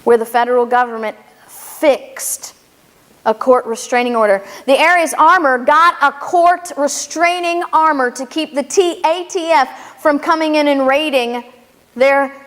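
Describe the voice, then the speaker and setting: A woman giving an emphatic history lecture at a venue, telling the events as a story to her audience. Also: sits high. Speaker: speaker and educator. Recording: echoey hall reverb.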